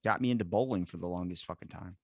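Laid-back low-voiced podcast host. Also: male voice, quick pace, a little mellow, no room sound. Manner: profane, rambling, laughs at himself. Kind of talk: casual chat.

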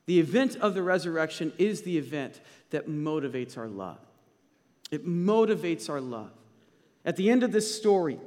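A male pastor preaching a sermon, emphatic and slowing down to stress key points. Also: high-pitched, big-room sound.

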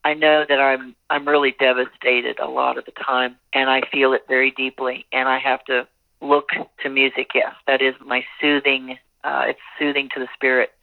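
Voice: medium pitch, level tone, moderate pace, vocal fry. A singer in a phone interview, talking earnestly and rambling with many restarts. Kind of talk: phone interview, candid talk. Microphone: telephone. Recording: tinny phone line.

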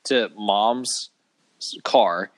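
A man's voice: on the low side, extremely slow, no room sound. A man in casual chat who mostly listens and drops short reactions and interjections.

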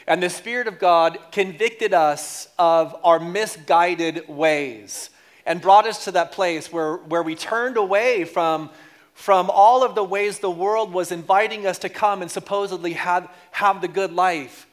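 Guy pastor preaching, kinda high voice, jokey and lively, repeats stuff for emphasis. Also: measured pace. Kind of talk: sermon.

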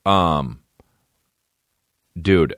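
A man hosting a podcast, telling stories in a rambling, swearing, comedic way and breaking into high, silly voices. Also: drawn-out words, fairly bright tone, no room sound, studio quality. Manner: swearing, rambling, jumps into high-pitched impressions. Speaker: podcast host. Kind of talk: casual comedic rambling monologue.

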